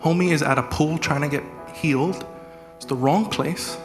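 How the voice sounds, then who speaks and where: A man preaching a sermon as executive pastor, animated, acting out prayers in a raised voice. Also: a little high, normal speed. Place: church hall. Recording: live church hall with reverb and music.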